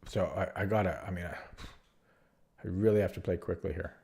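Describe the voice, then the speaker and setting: A man's voice: deep voice, steady tone, fairly quick, creaky, a little mellow. A man with a nasal, allergy-stuffed voice thinking aloud as he plays online chess, muttering his moves to himself. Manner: muttering move calls to himself, hesitant. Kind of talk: thinking-aloud game commentary.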